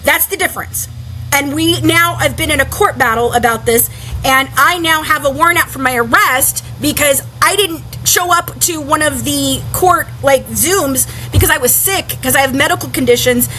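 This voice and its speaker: A woman, an interview guest, telling a story in casual, animated talk full of "like" fillers. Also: high voice, moderate pace, a little hiss or hum, poor audio.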